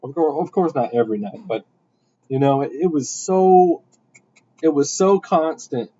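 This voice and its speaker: A young man telling a rambling story in casual podcast chat, with animated bursts. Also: on the high side, unhurried, breathy edge. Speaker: podcast host. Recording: dull lo-fi sound.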